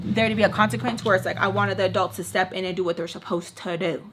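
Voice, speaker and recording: A woman's voice: mid-range voice, quick pace, a little hiss or hum. A young woman telling a personal story in a casual, chatty way, full of "like" and with some Spanish phrases mixed in. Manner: chatty, filler-heavy with "like", animated retelling. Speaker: storytelling vlogger.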